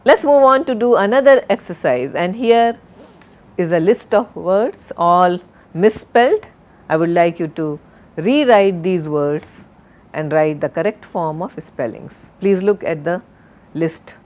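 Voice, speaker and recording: Slow, deliberate woman lecturer. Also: on the low side, animated, a little mellow. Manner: slow, deliberate, spells out and repeats words. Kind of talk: recorded university lecture.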